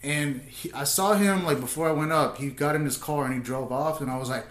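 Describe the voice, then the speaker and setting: Dude telling comedy stories, kinda high voice, roomy echo. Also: male voice, brisk, a bit bright. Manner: laid-back storytelling, crude jokes. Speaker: podcast host and stand-up comedian. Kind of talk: casual chat.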